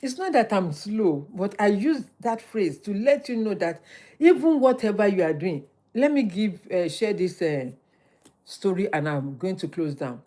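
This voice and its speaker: A middle-aged woman, hosting a motivational livestream, talking in a lively, preachy way and repeating phrases for emphasis. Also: medium pitch, a little slow. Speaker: livestream host.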